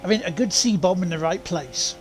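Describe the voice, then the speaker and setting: A man's voice: sits high, expressive, normal speed, a little hiss or hum. A man streaming a racing game in casual, rambling chat, often laughing and greeting viewers. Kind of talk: casual gaming livestream chat.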